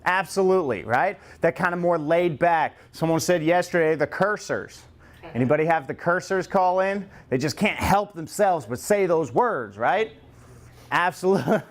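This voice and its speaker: Brief: fairly high-pitched male trainer, animated, playful, talks to a group in a training room. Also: moderate pace. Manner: lively, joking, acts out customer lines. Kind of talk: classroom training talk.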